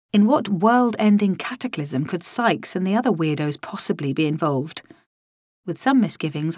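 A woman's voice: fairly low pitch, darkish tone, dry recording, clean studio sound. A woman narrating a first-person audiobook in a wry, dryly comic manner.

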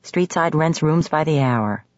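A woman doing a gruff blunt firefighter. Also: sits low, animated, unhurried, a little mellow, dry recording. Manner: curt, dry teasing. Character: tall gruff male firefighter, teasing, blunt. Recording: slightly muffled audio.

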